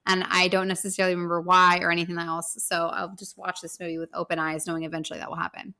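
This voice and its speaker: A woman co-hosting a casual movie podcast, talking eagerly and quickly with many "like" fillers. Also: on the low side, level tone, gravelly, sharp tone. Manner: eager, fast, full of "like" fillers. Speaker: podcast co-host.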